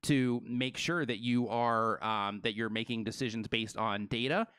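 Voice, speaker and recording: A man co-hosting a live stream, rolling along at a fast, energetic clip and packing his talk with "you know" and "right". His voice sits mid-range, and the close mic leaves it dry with almost no room sound. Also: mid-range voice, clear, resonant tone, no room sound. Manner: fast, energetic, filler-heavy. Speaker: co-host.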